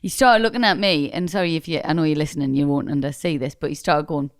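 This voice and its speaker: A hungover female podcast co-host in casual, chatty talk, self-deprecating and quick to laugh. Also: low-pitched, clear, resonant tone, no echo, studio quality. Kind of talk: casual chat.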